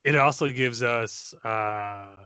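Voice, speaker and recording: A man's voice: medium pitch, slow pace, pushed and bright, smooth, dry recording. A man co-hosting a casual film podcast, joking and teasing his co-hosts. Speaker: podcast co-host. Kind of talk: casual film-discussion chat.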